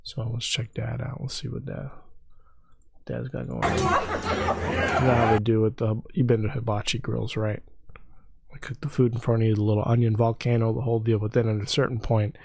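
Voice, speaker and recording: A man's voice: mid-range voice, a little fast, gravelly, some chatter behind, slight background noise. A man co-hosting a podcast, chatting casually and sarcastically, telling stories with lots of energy and joking bits. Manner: joking, sarcastic, animated storytelling. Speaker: podcast co-host. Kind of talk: casual chat.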